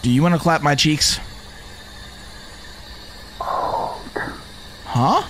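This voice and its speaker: A young man streaming a video game with excited, animated commentary, often firing the same questions again and again. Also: a little high, extremely slow, background noise. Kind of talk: live gameplay commentary.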